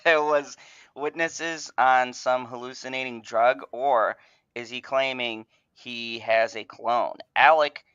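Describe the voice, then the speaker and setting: A man hosting an online fan podcast rants angrily in casual chat, swearing heavily and stammering through restarts. His mid-range, fairly bright voice is clean, steady in tone and slow, with no room sound, though the home mic sounds dull and dry.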